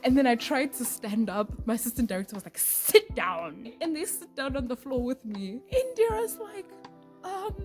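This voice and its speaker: A woman's voice: high voice, very animated, moderate pace, a little mellow, faint music behind. A teenage girl, telling a story to her vlog in a candid, dramatic way with casual slang. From South Africa. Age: teens. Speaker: vlogger.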